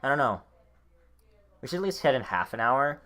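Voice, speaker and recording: A man's voice: mid-range voice, very animated, normal speed, pushed and bright. Young man rambling with lots of filler. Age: young adult. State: has the hiccups. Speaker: podcast co-host. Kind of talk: casual chat.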